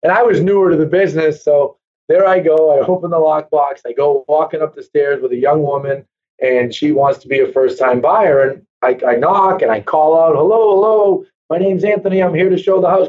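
Guy telling work stories, does the voices, kinda higher pitched, muffled lo-fi audio. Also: normal speed. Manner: animated storyteller, acts out quoted voices. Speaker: real estate brokerage owner and trainer. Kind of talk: casual storytelling interview. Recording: dull lo-fi sound.

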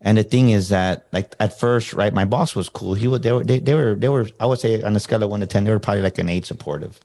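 Male guest, motivational speaker; lowish voice, casual storytelling, acts out the dialogue. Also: fast, creaky. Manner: animated, acts out quoted dialogue.

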